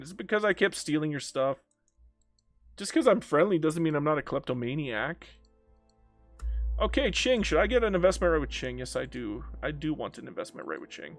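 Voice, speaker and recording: Young male gamer, playful trash-talk, lively pitch, faint background music. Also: normal speed, no echo. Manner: goofy, teasing, calls everyone bro. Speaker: strategy game player. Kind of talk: let's-play commentary talking to the game.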